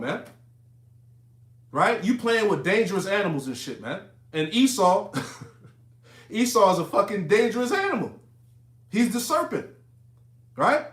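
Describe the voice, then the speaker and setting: A man's voice: high-pitched, a bit bright, roomy sound. A man giving a casual, profane, emphatic Bible teaching, reading verses and riffing on them conversationally.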